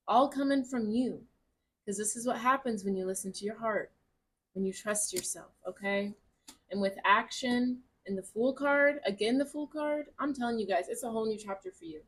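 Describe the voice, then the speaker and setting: A woman's voice: on the high side, normal speed, breathy edge. Gushing, chatty woman tarot reader. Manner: gushing, chatty and encouraging, with casual swearing. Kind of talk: casual tarot reading to camera.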